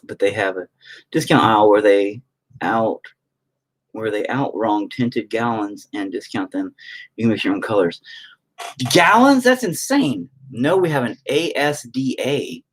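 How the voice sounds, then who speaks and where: Husky, joking guy painting. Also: lowish voice, moderate pace. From United States. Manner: rambling, crude, joking, self-mocking. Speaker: painting livestream host. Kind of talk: casual chat while painting, reading chat aloud.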